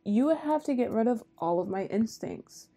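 A young woman hosting a movie reaction, speaking softly and startling easily. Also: fairly high pitch, animated. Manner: soft-spoken, jumpy, quick to startle. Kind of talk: hushed movie reaction chat.

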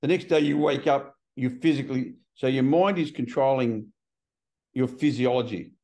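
A man in his sixties speaks with a mid-range voice in relaxed podcast conversation. He tells stories bluntly, swearing freely and acting out the people in them. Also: mid-range voice, moderate pace. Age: 60s. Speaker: guest.

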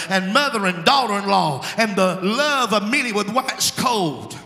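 A man preaching as an evangelist, with a fervent, sing-song chanted cadence that rises into shouts, recorded in a large church sanctuary. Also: high-pitched, lively intonation, moderate pace, vocal fry, few pauses. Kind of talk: Pentecostal-style preaching. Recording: echoey church hall with long reverb.

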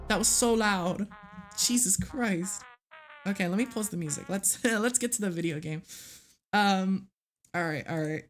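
A young woman livestreaming a video game, excitable, gasping and swearing as she plays. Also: medium pitch. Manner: excitable, swears and gasps, lively. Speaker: streamer. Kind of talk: live game stream commentary.

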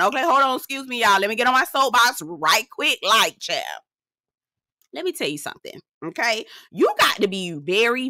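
A sassy woman dishes on a reality show in a casual recap, laughing as she talks and calling her listener girl. Her voice is bright and swoops around a lot. The sound is dry and close. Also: mid-range voice, no echo. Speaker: TV recap host.

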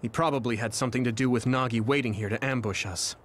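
A man's voice: mid-range voice, fast, slight background noise, lightly acted. An actor voicing an earnest young male hero soldier in a video game. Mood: determined. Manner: earnest and determined. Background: game music.

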